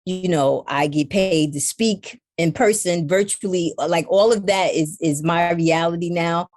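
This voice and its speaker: A woman talking candidly as an interview guest, animated, often acting out quoted dialogue. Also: lowish voice, measured pace.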